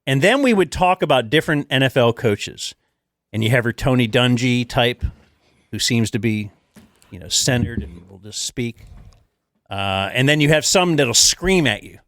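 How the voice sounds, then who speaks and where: A middle-aged talk show host sets up a long, rambling question in casual chat. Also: male voice, mid-range voice, lively intonation, normal speed, a bit bright, no echo.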